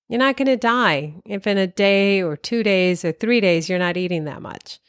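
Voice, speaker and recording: A woman's voice: medium pitch, dry recording, clean studio sound. A woman talking directly to the listener with self-care advice, encouraging and often laughing lightly. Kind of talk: casual advice talk.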